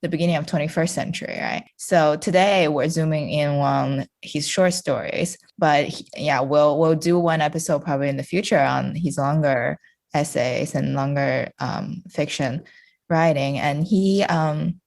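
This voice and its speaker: A woman from China with a notably low voice, chatting on a podcast as a guest. Her talk is loose and casual, full of fillers, and she laughs often. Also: fairly even intonation, moderate pace, creaky, darkish tone.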